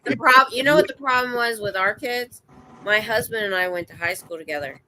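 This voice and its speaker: A middle-aged woman in casual chat, lively and quick with her reactions. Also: on the high side, slight background noise, low-quality recording. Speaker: live stream chat participant.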